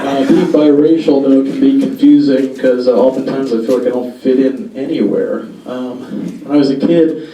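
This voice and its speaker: A young comic with a medium-pitched voice works a club crowd in a dry, faltering style, leaning on pauses and fillers. Captured by a distant mic, the room echoes and audience laughter comes through.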